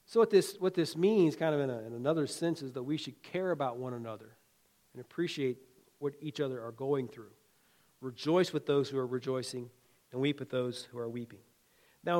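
A man preaching a sermon in a folksy, conversational way, swinging between loud emphatic lines and quiet asides, with chuckles. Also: on the high side. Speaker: pastor.

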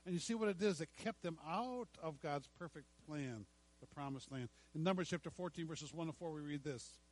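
A middle-aged male pastor preaching a sermon, slowing down to stress scripture and dropping to quiet asides. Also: on the high side, low-quality recording. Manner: emphatic preaching, slows to stress scripture, drops to hushed asides.

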